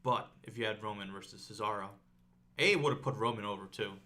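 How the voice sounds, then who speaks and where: A man's voice: fairly low pitch, a little fast. A man co-hosting a casual podcast, arguing his points emphatically with many "like"s. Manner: animated, emphatic, lots of "like". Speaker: podcast co-host. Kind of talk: casual chat.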